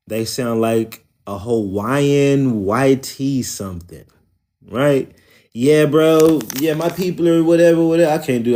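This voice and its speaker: Oklahoma country guy rambling on his livestream, cussing, mid pitched voice. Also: mellow. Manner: rambling, profane, loose and conversational. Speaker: livestream host. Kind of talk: casual livestream chat.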